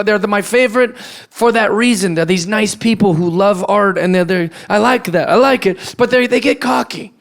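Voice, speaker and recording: A male stand-up comedian on a club stage, mocking and profane, dropping low and quiet for asides. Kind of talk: stand-up set. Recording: live club crowd laughing. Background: audience laughter.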